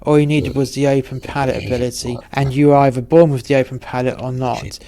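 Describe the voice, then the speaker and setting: A man narrating a story in a wry, profane, deadpan way. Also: mid-range voice, a little fast, slight background noise.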